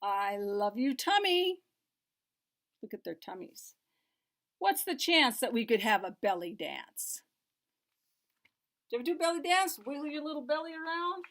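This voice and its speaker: Slow, high-voiced woman reading to toddlers. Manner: playful and expressive, dropping to a soft hush for asides. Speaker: children's story time reader. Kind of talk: reading picture books aloud to small children.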